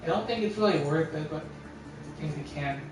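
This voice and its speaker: A man's voice: a little high, normal speed. A man streaming a game in casual commentary, repeating a word again and again as he works on saying it and swearing now and then. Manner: repeats a word over and over trying to pronounce it, swears. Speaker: gaming streamer. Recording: very echoey, distant mic with game music.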